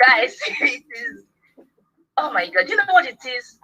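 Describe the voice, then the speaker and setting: A woman, a guest on a livestream interview, effusive and quick to laugh. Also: a little high, wildly swooping pitch, bright, forceful tone, slight background noise, rough recording.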